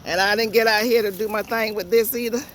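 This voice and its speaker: A woman's voice: fairly high pitch, steady tone, fast, a bit bright, a little hiss or hum. A woman with a Southern US accent giving a casual, folksy garden tour outdoors, chatting straight to her viewers. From Georgia, USA. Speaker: home gardener vlogger.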